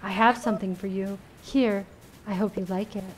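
A woman voicing an intense, formal female caretaker in a cozy game, pitched lower than her own voice. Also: fairly even intonation, normal speed, noisy background, lightly acted. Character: intense scholarly female caretaker, animal villager.

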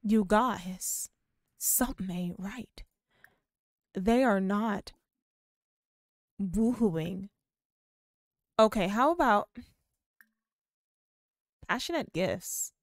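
A young woman giving excited, gushing commentary while playing a life-sim video game. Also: medium pitch, extremely slow, pauses often, dry recording, clean studio sound. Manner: excitable, gushing, squeals with delight. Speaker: gaming video host. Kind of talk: casual gameplay commentary.

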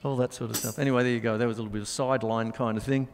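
A man's voice: mid-range voice, steady tone, very fast, big-room sound, a little hiss or hum. A middle-aged man hosting a live drum show, chatting in a rambling way and scatting drum rhythms. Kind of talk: casual live-stream chat and drum demonstration.

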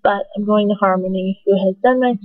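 A woman's voice: mid-range voice, fairly even intonation, fairly quick, dry recording. A young woman vlogging casually at home into a webcam, rambling with lots of fillers and giggly asides. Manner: chatty, filler-heavy, giggly and self-mocking. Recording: dry, tinny phone-like sound.

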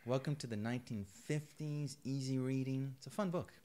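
A man's voice: medium pitch, moderate pace, warm tone. A man co-hosting a casual podcast book review, rambling and joking with lots of restarts. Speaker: podcast co-host.

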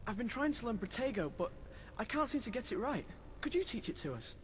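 A man's voice: extremely high pitch, very animated, brisk, slight background noise. An actor voicing a timid, eager teenage boy wizard in a video game. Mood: unsure. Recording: game audio over music.

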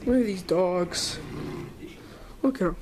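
A woman vlogging at home on a handheld camera, excited and rambling with lots of filler words. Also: on the low side, slow pace, heavy background noise. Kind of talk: casual vlog. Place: indoors at home.

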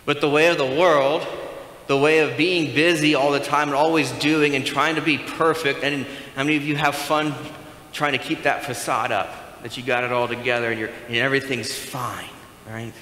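A man's voice: mid-range voice, steady tone, moderate pace, pushed and bright, echoey room, big-room sound, a little hiss or hum, poor audio. A man preaching a sermon as pastor, talking conversationally and asking the congregation questions. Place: church sanctuary.

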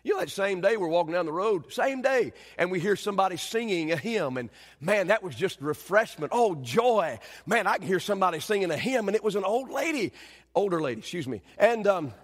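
High-pitched preacher in a reverberant hall. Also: male voice, sing-song, brisk. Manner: dramatic storytelling preacher, shouting acted quotes then dropping low and quiet. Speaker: pastor. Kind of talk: sermon. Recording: long reverb of a church hall.

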